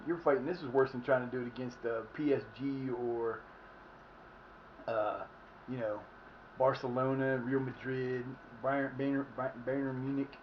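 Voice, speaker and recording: A man's voice: medium pitch, lo-fi sound, a little hiss or hum. A man streaming live and chatting casually over his game, rambling with frequent restarts and fillers. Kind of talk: casual live gameplay commentary.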